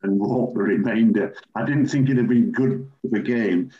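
An older man from England, a former referee, telling animated anecdotes as an interview guest. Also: fairly low pitch, normal speed. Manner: animated raconteur, acts out quoted voices. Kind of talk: anecdotal storytelling. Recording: dull lo-fi recording.

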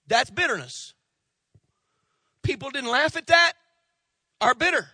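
Male preacher, high pitched, very expressive pitch, storytelling sermon, quoted voices acted out. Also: measured pace, dry recording. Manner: animated preaching, swings from loud emphasis to hushed asides; tells jokes and acts out quoted voices. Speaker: pastor.

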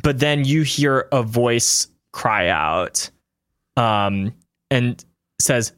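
A man narrates a tabletop game as game master in a loose, hesitant way, full of fillers. His voice sits in a middle pitch. The recording is close and dry. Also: animated, extremely slow, a bit bright, clean tone, no echo.

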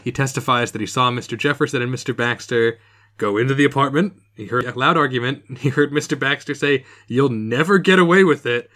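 A man's voice: mid-range voice, fairly even intonation, quick pace, bright, forceful tone. A man co-hosting a podcast, recapping an old TV episode in casual, jokey chat, laughing often. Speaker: podcast co-host.

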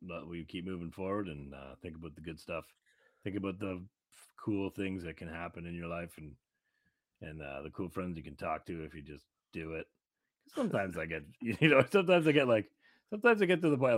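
Rambling, animated podcast host. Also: male voice, low voice. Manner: rambling and jokey, acts out voices in anecdotes. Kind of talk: casual chat.

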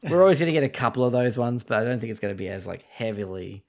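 A man co-hosting a casual video game podcast, talking in an animated way and swearing freely. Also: mid-range voice, racing. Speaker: podcast co-host. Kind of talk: casual chat about video games.

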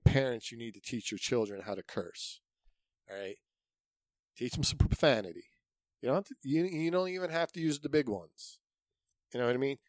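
An American man hosting his podcast alone, ranting bluntly and profanely, hammering his points with repetition. His voice sits at an ordinary middle pitch. The sound is dry, close and free of room echo. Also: a little mellow. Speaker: podcast host. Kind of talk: solo comedic rant.

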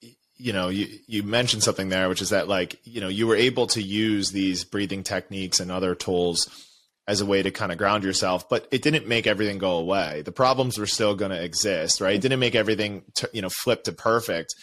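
A man's voice: lowish voice, brisk, fairly bright tone. A man hosting a podcast interview, talking in a reflective, loose way with lots of "you know" and "like.". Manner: reflective, rambling, many fillers like "you know". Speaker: podcast host. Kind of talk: casual interview conversation.

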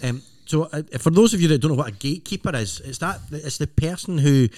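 A man's voice: on the high side, lively intonation, quick pace, darkish tone, no echo. A man with a west of Scotland accent, co-hosting a casual podcast chat, often saying "aye" and "right?". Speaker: podcast co-host.

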